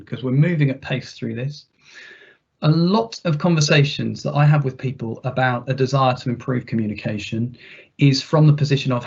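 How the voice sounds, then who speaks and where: A man's voice: mid-range voice, darkish tone, breathy edge. A man presenting a workplace training webinar in a conversational way, with restarts and rhetorical questions. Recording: dull, muffled webinar audio.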